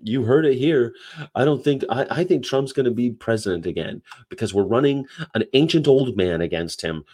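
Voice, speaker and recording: A man's voice: medium pitch, lively intonation, normal speed, a little mellow. A man hosting a livestream, chatting casually and rambling between topics and read-aloud definitions. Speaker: livestream host.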